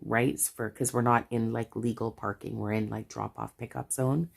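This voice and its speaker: Gravelly, very low-voiced Canadian woman. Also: steady tone, normal speed. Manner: chatty storytelling with frequent asides. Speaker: budgeting vlogger. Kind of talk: casual chat.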